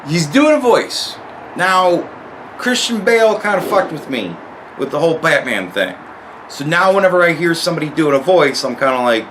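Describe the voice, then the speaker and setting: A man's voice: a little high, lively intonation, measured pace, a bit bright, a little hiss or hum. A man giving a casual spoken review of a TV series, rambling and swearing a lot, often restarting his sentences. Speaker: show reviewer.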